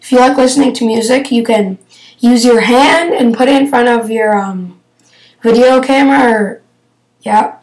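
A woman's voice: fairly high pitch, moderate pace, darkish tone, rough recording. A young female vlogger talking casually and hesitantly through her favourite computer apps, with lots of fillers. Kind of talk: casual app review.

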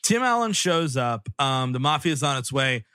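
A man's voice: mid-range voice, sing-song, normal speed, pushed and bright, dry recording, clean studio sound. A man co-hosting a comedy podcast who recaps the plot loosely, laughs a lot and drifts into silly bits. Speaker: podcast co-host. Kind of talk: casual comedy banter.

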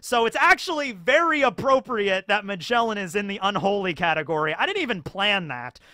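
A man hosting casual, rambling anime commentary in an animated way with many fillers. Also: sits high, a little fast, no room sound, clean studio sound.

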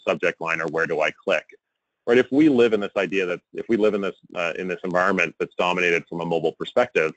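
A man giving a conversational presentation, often checking in with a quick "right?" and rising sharply when he quotes examples. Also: low voice, no echo, highs cut off. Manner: conversational, frequent tag "right?". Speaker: conference speaker on email marketing. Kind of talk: presentation talk.

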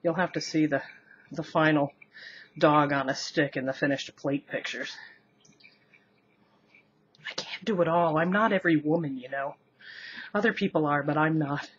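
A woman's voice: low-pitched, normal speed, long pauses, breathy edge, dull audio. A woman filming a casual cooking demo in her home kitchen, rambling and self-deprecating and laughing often as she talks to the camera. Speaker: cooking vlogger. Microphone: camera on the counter, later a handheld camera.

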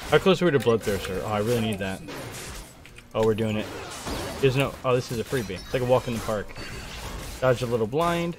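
A young gaming streamer gives playful, excitable live commentary on his own video game match, trash-talking and hyping himself up. His medium-pitched voice runs a little fast with long pauses, heard over music.

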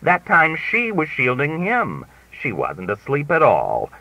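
A man's voice: on the high side, huge pitch swings, slow pace, sharp tone, dry recording, voice pushed up, full character voice. A man voicing an opinionated American woman who speaks in an emphatic, know-it-all way, in a dry, slightly dull audiobook recording. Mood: insistent. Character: opinionated, insistent American woman mystery fan.

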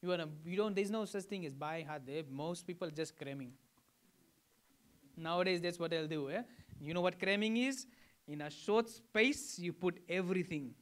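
A man's voice: sits high, moderate pace. A man from Fiji preaching a sermon to a congregation, teaching in a conversational way and often checking in with questions. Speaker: pastor.

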